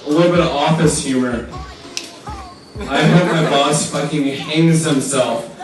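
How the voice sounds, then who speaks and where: A man's voice: fairly high pitch, steady tone, unhurried, very echoey, distant mic, over music, low-quality recording. A man doing a short stand-up bit, blunt and laughing at his own jokes. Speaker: stand-up comic.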